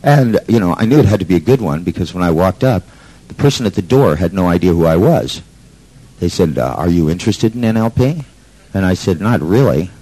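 A man's voice: deep voice, lively intonation, fairly quick, dark tone, slightly rough, low-quality recording. A man telling a story to an audience in a brash, sardonic way, swearing freely. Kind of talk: profane storytelling talk.

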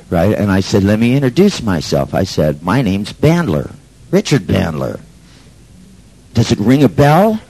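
A man's voice: low-pitched, a little mellow, husky, low-quality recording. A man telling a story to an audience in a brash, sardonic way, swearing freely. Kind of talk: profane storytelling talk.

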